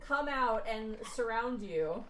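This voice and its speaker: A woman's voice: fairly high pitch, lively intonation, takes it slowly, crowd noise. Chatty woman running a tabletop game. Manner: chatty, laughs between lines. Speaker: game master.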